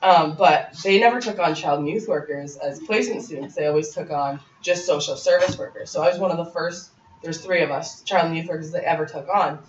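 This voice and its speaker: A woman's voice: deep voice, a little fast, a little hiss or hum. A young woman in her twenties, a guest speaker giving candid personal testimony to a college class, chatty with many "like" fillers and frequent laughs. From Ontario, Canada. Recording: echoey room from far off, slightly dull.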